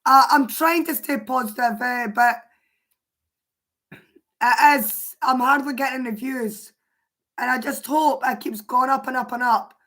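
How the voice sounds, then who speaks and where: A Scottish woman with a hoarse, worn voice, chatting casually on a livestream and answering her viewers' comments aloud. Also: high voice, unhurried, pauses often, a bit bright. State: hoarse, voice mostly gone.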